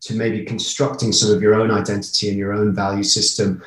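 English man with deep, roomy voice. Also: level tone, fairly quick, a bit bright. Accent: southern English with American r. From England. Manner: laughs often, self-deprecating, reflective. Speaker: travel writer guest. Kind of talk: casual interview. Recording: roomy echo.

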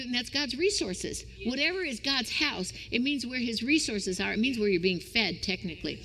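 A woman preaching a sermon with emphatic rhetorical questions that climb into high, excited exclamations. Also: moderate pace, few pauses. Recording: reverberant hall.

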